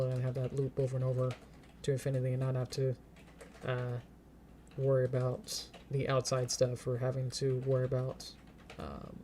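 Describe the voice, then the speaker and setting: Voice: mid-range voice, warm tone, slight background noise. A streamer talking casually while animating at a computer, thinking aloud step by step, chanting little counts and laughing often.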